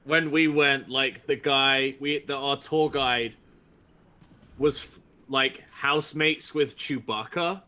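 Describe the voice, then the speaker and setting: A man in casual chat, telling a story in a halting way full of fillers. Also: medium pitch, fairly even intonation, bright, forceful tone.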